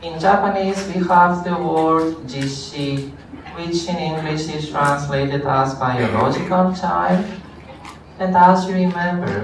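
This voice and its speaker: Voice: medium pitch, a little hiss or hum. Lecturer far off in an echoey classroom. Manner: explains slowly, checks on students. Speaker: law lecturer. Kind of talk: university lecture.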